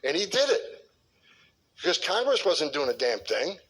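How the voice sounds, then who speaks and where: A middle-aged man, a former border official, speaking bluntly and forcefully with frequent stumbles and repeated words. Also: fairly high pitch, sing-song, moderate pace, breathy edge, rough recording. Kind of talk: clip of a talk or interview.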